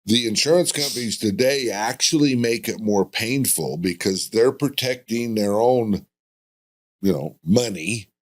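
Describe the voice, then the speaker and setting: A man's voice: fairly low pitch, measured pace. A man hosting a podcast, talking casually and emphatically, with frequent rhetorical questions. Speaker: podcast host.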